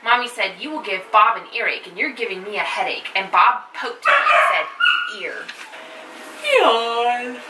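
A woman reading a bedtime story aloud softly, voicing the little girl who tells it. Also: medium pitch, reverberant, far from the mic, noisy background, close to an everyday voice. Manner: soft, gentle storytelling. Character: little girl telling her own story.

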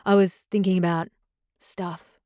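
A woman's voice: fairly low pitch, level tone, a little slow, dark tone, no echo, clean studio sound, natural voice. A woman voicing a stern, curt young male werewolf alpha in an audiobook. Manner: curt, disapproving. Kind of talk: audiobook character voice.

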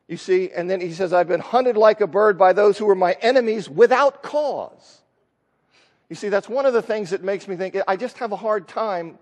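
High-voiced man teaching Bible class. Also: darkish tone, long reverb tail. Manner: conversational, thinking aloud, acts out quotes. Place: church classroom.

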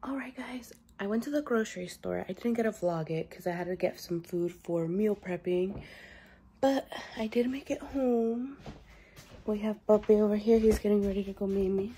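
A woman's voice: medium pitch, moderate pace, mellow, a little hiss or hum. A young woman vlogging casually, signing off to her viewers and cooing in baby talk to her dog. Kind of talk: casual vlog chat.

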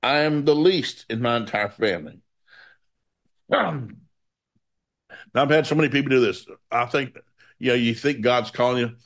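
A man's voice: mid-range voice, normal speed, long pauses, a bit bright. A man preaching through a Bible passage, reading it aloud and breaking off into folksy asides.

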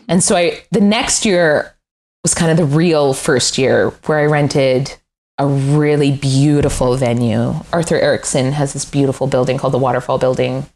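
A woman's voice: very deep voice, moderate pace, a little mellow. A middle-aged woman, a furniture designer, chatting candidly in an interview, self-deprecating and often laughing. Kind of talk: casual interview chat.

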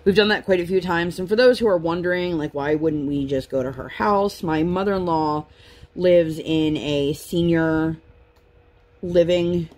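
A woman's voice: fairly low pitch, measured pace. Chatty rambling woman vlogger. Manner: rambling, chatty, lively storytelling. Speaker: craft vlogger. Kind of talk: casual chat while crafting. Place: home.

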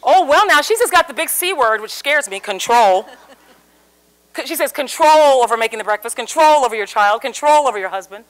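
A woman's voice: high-pitched, moderate pace. A woman giving a live seminar talk to an audience, telling a story and acting out the voices in it. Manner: animated storyteller, acts out quoted voices. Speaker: communication speaker.

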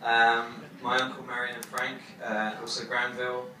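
A young man giving his wedding toast as the groom, halting with many fillers and fighting back tears. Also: mid-range voice, completely flat delivery. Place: wedding reception hall. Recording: echoey hall from far off, crowd noise.

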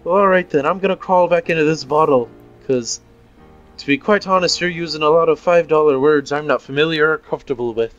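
A man's voice: fairly high pitch, fairly quick, a bit bright, highs cut off, soft background music, lightly acted. A man voicing a wry Irish drifter in an Old West town, with a put-on Irish accent.

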